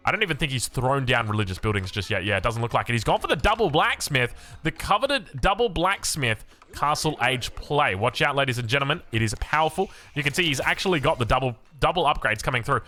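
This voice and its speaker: Lively bright Australian male caster. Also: mid-range voice, fast. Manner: rambling, self-mocking asides. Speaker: game caster. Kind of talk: casual game commentary.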